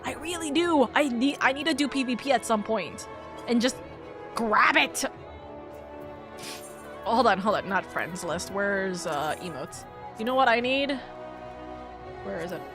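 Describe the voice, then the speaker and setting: A woman's voice: fairly high pitch, expressive, a little slow, long pauses. A woman with a stuffed nose streaming a game, giggling constantly and swearing casually. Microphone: streaming mic. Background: faint game music.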